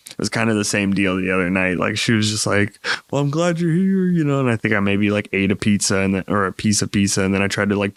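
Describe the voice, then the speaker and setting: Young man, hungover, rambling profane storytelling, fairly low voice, dry sound. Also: fairly bright tone, no room sound. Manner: rambling, profane, laughs often, acts out quoted voices. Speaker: podcast host. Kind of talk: casual storytelling.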